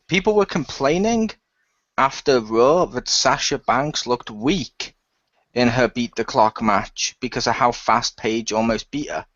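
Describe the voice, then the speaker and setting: A man's voice: medium pitch, slow pace, a bit bright, dry recording. A man chatting on a podcast panel in a dry, sarcastic manner. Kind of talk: casual podcast chat. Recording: dull lo-fi dry sound.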